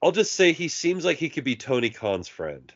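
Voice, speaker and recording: A man's voice: on the high side, moderate pace, muffled recording. A man co-hosting a podcast, telling a story in casual chat and acting out the people he quotes. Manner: animated, acts out quoted voices. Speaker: podcast co-host.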